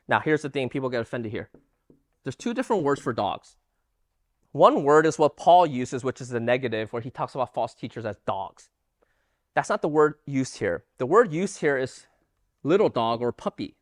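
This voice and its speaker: Animated Bible teacher with lively pitch. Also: dry recording, studio quality. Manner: asks the audience rhetorical questions; animated, emphatic delivery. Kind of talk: Bible study lesson.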